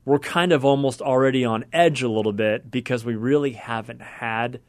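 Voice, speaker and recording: A man's voice: medium pitch, normal speed, no echo, studio quality. A man hosting a podcast, talking earnestly and thinking aloud in long, winding sentences. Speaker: podcast host. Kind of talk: conversational podcast talk.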